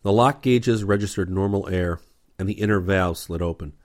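A man narrating an adventure audiobook in a steady, measured reading. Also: low-pitched.

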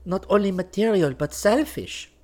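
A man's voice: high voice, lively intonation, moderate pace, darkish tone, voice pushed up. A man voicing a playful, teasing young woman in an audiobook, with a light, coy manner. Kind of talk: audiobook character voice.

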